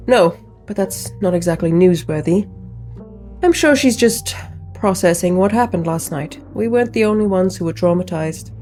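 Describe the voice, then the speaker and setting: A woman's voice: fairly low pitch, normal speed, mellow, soft background music, lightly acted. A woman voicing a blunt, determined young woman who runs a family mine, in a game read-through. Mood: calm.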